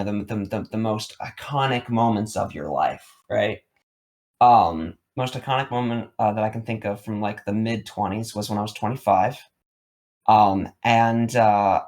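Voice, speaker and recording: A man's voice: on the low side, a little mellow. Male co-host, thirties, casual rambling storyteller who repeats himself and fills gaps with "like" and "uh.". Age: 30s. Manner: rambling, repeats words, many fillers. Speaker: podcast co-host.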